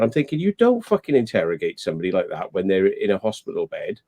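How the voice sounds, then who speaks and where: A man's voice: on the low side, expressive, fast talker, few pauses, a little mellow. A man chatting casually on a live stream, ranting and swearing freely as he gives his opinions.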